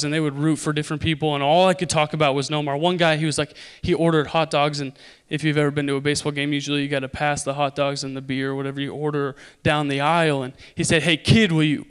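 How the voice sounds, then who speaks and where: A young man from Idaho preaching a sermon, telling a story with animated, loud impressions. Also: fairly high pitch, clear, resonant tone.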